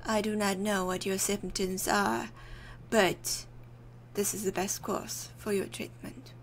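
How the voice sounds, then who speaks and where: A woman voicing a calm, formal male therapist, reading his game dialogue aloud in a put-on accent. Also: medium pitch, slow, a little hiss or hum. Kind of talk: let's play dialogue reading.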